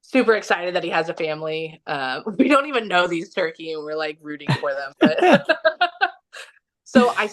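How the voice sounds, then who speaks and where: A woman from Missouri telling a personal story as a podcast guest, animated and full of "like" fillers. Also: lowish voice, normal speed. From Kansas City, Missouri. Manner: animated, many "like" fillers, laughs often. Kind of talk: casual storytelling interview.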